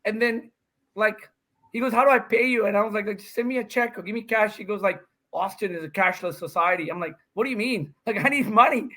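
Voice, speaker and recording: Middle-aged guy from india, loud joking podcast guest, curses a lot, laughs between stories. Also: high-pitched, fast talker, low-quality recording. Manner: brash, joking storyteller who swears and laughs often. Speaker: podcast guest, senior pickleball pro. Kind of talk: casual podcast chat.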